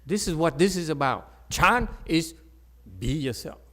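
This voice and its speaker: A man's voice: fairly high pitch, unhurried. A man giving a Chan meditation Dharma talk, checking in with frequent "okay?" tags and restarting phrases, his voice jumping up when he makes a point. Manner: animated, voice jumps up when emphatic.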